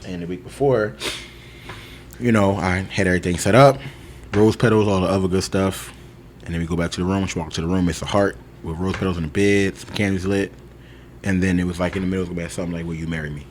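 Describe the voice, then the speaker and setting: A man's voice: sits low, fairly even intonation, fast talker, slight background noise. A young man telling a long personal story in casual podcast chat, loose and chatty with lots of fillers. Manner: loose storyteller, lots of "like" and "you know", laughs often. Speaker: podcast co-host.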